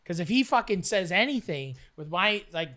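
A man spins a rowdy, profanity-laced story in a casual chat. His tone is bright and forward, and he acts out each quote as he goes. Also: high-pitched, expressive, moderate pace. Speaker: storyteller guest. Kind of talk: casual storytelling while playing cards.

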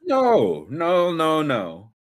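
A man's voice: on the high side, wildly swooping pitch, very slow. A man hosting a casual sports podcast, rambling with fillers and restarts and a sarcastic streak. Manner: sarcastic, wry.

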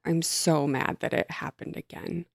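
A woman's voice: sits low, fairly even intonation, a little slow, vocal fry, no room sound, clean studio sound. A woman co-hosting a casual comedy chat, ranting with theatrical, mock-dramatic outrage. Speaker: podcast co-host.

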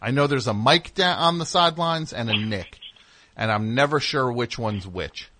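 A male radio host riffs in sarcastic, incredulous banter with a caller, often sliding into deadpan absurd bits. His voice sits at a middle pitch. The studio mic sounds close and dry. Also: moderate pace, no echo. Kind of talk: comedic call-in radio banter.

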